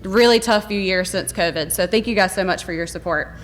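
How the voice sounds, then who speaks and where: A woman's voice: medium pitch, a little fast, faint music behind. A woman principal giving a heartfelt, rambling award acceptance speech to a gala audience. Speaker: elementary school principal. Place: gala hall in front of an audience.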